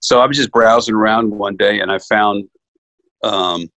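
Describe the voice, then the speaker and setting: A man from New York, an actor, telling stories in a casual interview, acting out quotes with lively energy. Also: lowish voice, normal speed, no room sound, highs cut off. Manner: animated storyteller, acts out quotes. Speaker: actor guest.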